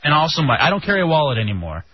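A young man hosts a casual radio chat, telling stories with animated energy and a casual habit of swearing. He's from Texas, and his voice sits a little high and leaps around a lot. The recording is dull and lo-fi, with a faint hiss behind it. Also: racing. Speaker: radio show host.

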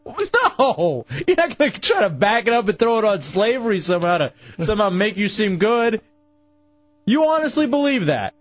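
A man's voice: high-pitched, sing-song, moderate pace, dry recording, lo-fi sound, soft background music. A man hosting a call-in radio show, teasing his co-host and laughing often. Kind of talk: bantering call-in talk.

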